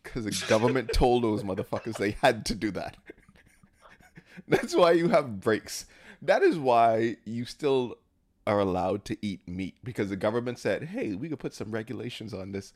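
A man's voice: fairly low pitch, lively intonation, normal speed. A man co-hosting a casual podcast, riffing with strong opinions and sports comparisons. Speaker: podcast co-host. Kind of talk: casual chat.

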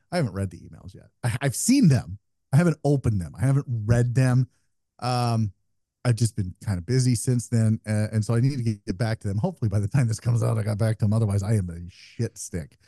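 A man co-hosting a casual podcast chat, telling stories in a swearing, animated way. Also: medium pitch, no room sound, studio quality. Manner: profane, animated storytelling. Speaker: podcast co-host.

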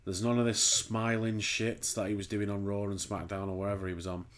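A man's voice: on the low side, little pitch movement, a little fast. Sweary man, rambling chat. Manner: sweary, rambling, laughs easily. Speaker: podcast co-host. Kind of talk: casual chat.

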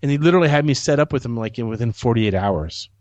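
A man's voice: medium pitch, animated, fast, darkish tone, no echo, dull audio. A man hosting a podcast, telling a long anecdote in a rambling way with many restarts. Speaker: podcast host. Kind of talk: casual chat, anecdote.

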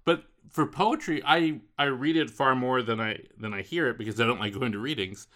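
A man with a bright, forceful edge to his voice, chatting about poetry. He thinks aloud, hesitating and restarting as he works out his view. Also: medium pitch, fairly quick. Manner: thoughtful, hesitant with frequent "um". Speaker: book discussion co-host. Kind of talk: casual chat.

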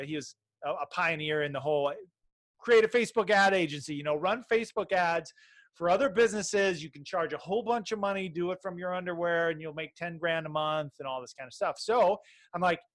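A middle-aged man with a slightly higher voice tells a story in loose, casual chat. He rambles and restarts often, with lots of fillers. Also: a bit bright. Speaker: podcast guest, baby sleep business owner.

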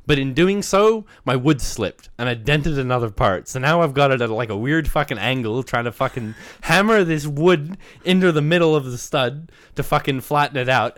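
A man's voice: mid-range voice, a bit bright, no room sound. A man telling a rambling, profane work story in casual chat.

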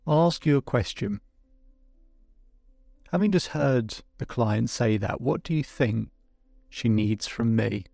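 A man's voice: mid-range voice, lively intonation, gravelly, darkish tone, dry recording, studio quality, soft background music. A man working as a life coach, speaking reflectively to his listeners and his client, often restarting his sentences. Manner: reflective, halting with many restarts. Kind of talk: coaching session with asides to listeners.

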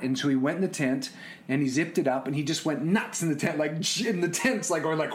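A middle-aged man telling personal stories about being a father, animated, often repeating words and restarting sentences. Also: on the high side, fairly quick. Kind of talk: casual storytelling.

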